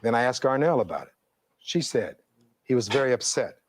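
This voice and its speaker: A man's voice: medium pitch, very animated, brisk, slight background noise. Oratorical middle-aged male defense attorney. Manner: oratorical, reads testimony aloud, rhetorical questions. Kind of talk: courtroom closing argument.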